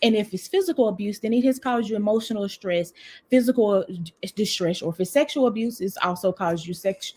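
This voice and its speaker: A woman from Mississippi with a Southern US accent, a relationship coach talking fast and excitedly on a livestream from home. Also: fairly high pitch. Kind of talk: livestream talk. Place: home room with a heater running.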